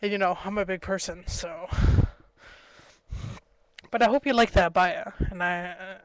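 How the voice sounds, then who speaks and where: A young woman chats to her webcam at home in a rambling, casual vlog, giggling and hopping from one story to the next. Her voice is on the low side at normal speed, and the built-in webcam mic gives a dry, poor-quality sound.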